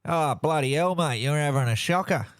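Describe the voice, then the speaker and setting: A man voicing a blokey surfer mate in a comedic ad read, talking loud and exaggerated. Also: a little high, normal speed, dry recording, clean studio sound, close to an everyday voice. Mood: hyped. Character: blokey Australian surfer mate hyping a product.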